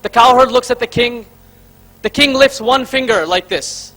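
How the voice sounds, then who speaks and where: Man, very high pitch, bright forceful tone, rhetorical convention speech, counts off points. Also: moderate pace. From Karnataka, India. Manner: rhetorical, addresses the audience as friends, counts off points. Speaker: speaker at a convention. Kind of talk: public speech with storytelling. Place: convention hall stage.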